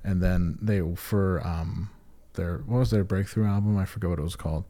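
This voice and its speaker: A man co-hosting a podcast, chatting casually and excitedly about music videos, swearing freely and using many fillers. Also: deep voice, normal speed. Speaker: podcast co-host.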